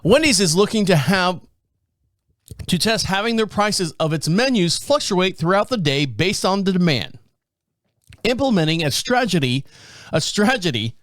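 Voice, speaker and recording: A man's voice: sits high, big pitch swings, normal speed, a bit bright, no echo, studio quality. A man hosting a podcast, chatting casually about the news, rambling and stumbling over names and words. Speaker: podcast host.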